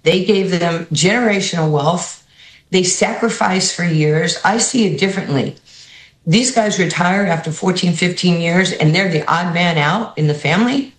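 A woman with a New York accent, coaching basketball, tells stories in an interview. She acts out the people she quotes with an animated, lively delivery. Her voice carries a roomy studio echo. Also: fairly low pitch, moderate pace. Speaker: basketball head coach, guest. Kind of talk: storytelling interview answers.

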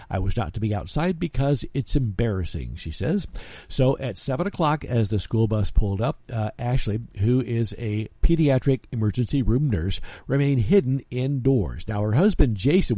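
A male radio host telling a story with lively, swinging pitch. His voice is mellow and dark, and the recording is dry and close, with no room sound. He talks casually and drops in little "uh"s. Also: no echo. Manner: lively, animated delivery with filler "uh"s.

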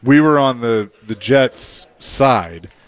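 A man's voice: mid-range voice, expressive, takes it slowly, smooth, no room sound. A man from Nashville co-hosting a radio show, telling stories with laughs and imitating people. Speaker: radio co-host. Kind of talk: casual radio chat.

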